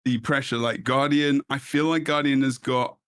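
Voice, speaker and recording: A man co-casting a live online game tournament in an easygoing way, laughing often and calling plays with excitement. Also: medium pitch, moderate pace. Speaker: esports co-caster. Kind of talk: live esports commentary.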